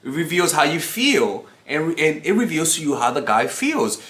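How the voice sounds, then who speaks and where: A man's voice: on the high side, very animated, normal speed, a bit bright. A man giving casual dating advice to camera, rambling and profane, with many restarts. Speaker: dating coach. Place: room at home. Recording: echoey room.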